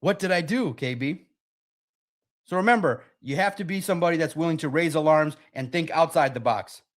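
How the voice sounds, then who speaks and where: A man hosting a casual sports talk livestream, excitable and rambling, with a slightly raspy voice. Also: on the high side, brisk. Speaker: podcast host.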